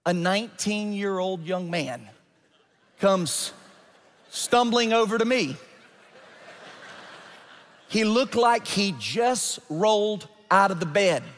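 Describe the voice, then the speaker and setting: A male pastor telling a story in a sermon, animated and building to emphatic peaks. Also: high voice. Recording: long church hall reverb.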